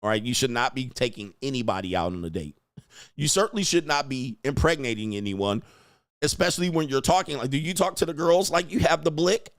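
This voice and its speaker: A man's voice: medium pitch, fairly quick, no echo, clean studio sound. A man hosting a reaction commentary show, mocking and lecturing the people in the clips he plays, often laughing. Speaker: commentary channel host.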